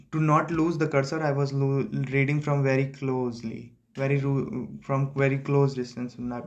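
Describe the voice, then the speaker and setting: A young man, reading a newspaper editorial aloud slowly and correcting himself often. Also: mid-range voice, darkish tone, highs cut off. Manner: slow, deliberate reading with frequent self-corrections. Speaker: student practicing reading.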